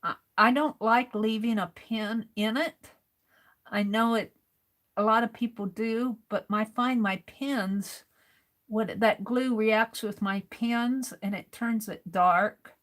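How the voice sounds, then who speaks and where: Slow-talking American woman crafting. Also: fairly high pitch. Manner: muttering to herself while sorting supplies. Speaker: craft livestream host. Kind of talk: casual crafting livestream chat.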